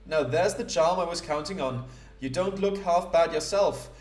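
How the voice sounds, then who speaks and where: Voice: medium pitch, moderate pace, close to an everyday voice. A man playing a hearty minotaur woman. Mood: teasing. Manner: hearty, teasing. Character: hulking female minotaur, jovial and tough. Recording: roomy echo.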